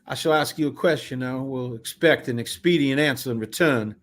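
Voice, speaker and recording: A man voicing a bearded, cigar-smoking old carnival showman who speaks slowly in grand, old-fashioned phrases. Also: medium pitch, fairly bright tone, close to an everyday voice. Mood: grandiose.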